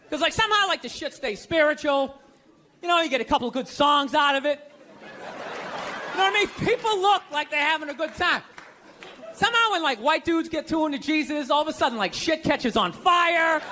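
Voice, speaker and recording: A man doing a stand-up comedy set on a large stage, ranting sarcastically with lots of swearing and punchy, animated delivery. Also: very high voice, noisy background. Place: large stage before a live audience. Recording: live show, loud crowd laughter.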